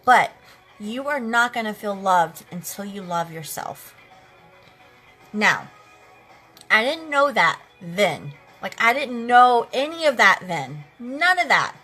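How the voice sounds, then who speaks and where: A woman's voice: mid-range voice, sing-song, takes it slowly, bright, forceful tone, soft background music. A woman in her late thirties on a makeup livestream, telling a personal story in an earnest, heartfelt way and speaking straight to her viewers. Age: late 30s. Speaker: makeup live streamer.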